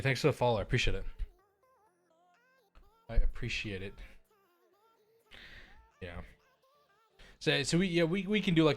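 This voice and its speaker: A young man streaming live and chatting casually through a cheap desk mic, rambling, repeating himself and laughing often. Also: mid-range voice.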